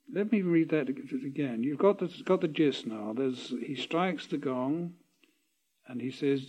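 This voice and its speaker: A man reading a parable aloud and explaining it, slow and deliberate with pauses and self-corrections. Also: a little high, a little mellow.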